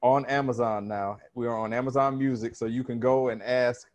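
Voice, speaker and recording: A man's voice: medium pitch, steady tone, moderate pace, a little mellow. A man hosting a podcast, chatting casually and rambling with restarts. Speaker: podcast host. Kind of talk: casual chat.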